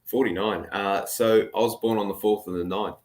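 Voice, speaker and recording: An Australian man, a motorcycle racer, answering podcast questions in a relaxed, easygoing way. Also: on the low side, moderate pace. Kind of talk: casual interview chat.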